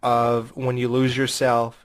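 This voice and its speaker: A man's voice: mid-range voice, takes it slowly. A man co-hosting a horror movie podcast in casual chat, telling stories with acted-out quotes. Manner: animated, acts out quotes. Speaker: podcast co-host.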